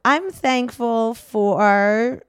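A woman's voice: a little high, drawn-out words, smooth, no room sound. A woman comedian guesting on a podcast in casual comedic chat, making dry, wry asides and crude punchlines.

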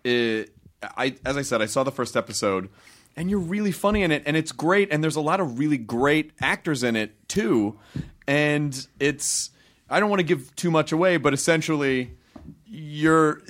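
Playful male podcast host; slightly high, animated voice, slow pace. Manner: playful, enthusiastic interviewer. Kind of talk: casual podcast interview.

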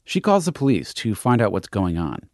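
Low-voiced man narrating, lively inflection. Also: normal speed, no echo, studio quality. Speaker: podcast host and reporter. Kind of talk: scripted narration.

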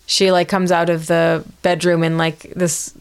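A woman's voice: lowish voice, little pitch movement, unhurried, clean tone. A woman co-hosting a casual podcast, recapping a sitcom with lots of hesitant ums. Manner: hesitant, many ums, easygoing. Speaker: podcast co-host.

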